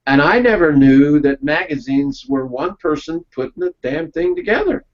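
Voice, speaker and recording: Slightly high with big pitch swings, this man's voice moves at a moderate pace, captured in dull lo-fi sound. He's giving a webinar in a relaxed round-table style, spinning folksy business stories and checking in with his audience with "okay?"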